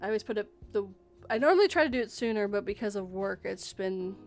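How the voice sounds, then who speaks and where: A woman's voice: mid-range voice, animated, quick pace, faint music behind. A woman hosting a casual chat stream, rambling and cutting herself off mid-sentence. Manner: rambling, self-interrupting. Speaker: podcast host.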